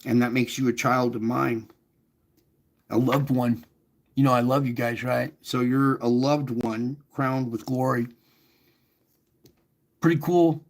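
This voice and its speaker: A man's voice: medium pitch, level tone, unhurried. A man hosting an online faith show, talking earnestly and chattily, with emphatic rises and frequent restarts. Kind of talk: casual spiritual encouragement.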